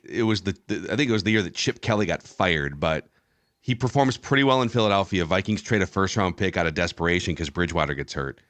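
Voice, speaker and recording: A man's voice: low-pitched, lively intonation, fast, fairly bright tone, dry recording. A man hosting a casual podcast, recapping and steering the talk. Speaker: podcast host. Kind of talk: casual chat.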